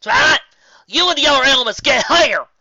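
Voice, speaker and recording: A fan fiction reader voicing a brave wife who fights in battle, shouting urgently. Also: high-pitched, expressive, quick pace, no room sound, highs cut off, pitched above the performer's own voice, full character voice.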